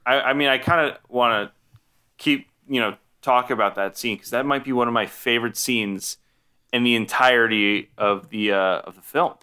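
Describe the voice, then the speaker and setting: A man with a bright, crisp, smooth voice talks casually about a favorite movie. He rambles, restarting sentences and filling gaps with ums and uhs. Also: medium pitch, moderate pace. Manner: rambling, many fillers and restarts. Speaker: podcast co-host. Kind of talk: casual film discussion.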